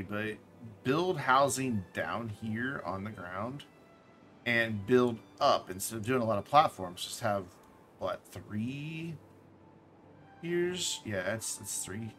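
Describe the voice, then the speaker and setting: A man's voice: mid-range voice, pushed and bright. A man casually commenting while playing a game on a live stream, thinking aloud, correcting himself and dropping jokey asides.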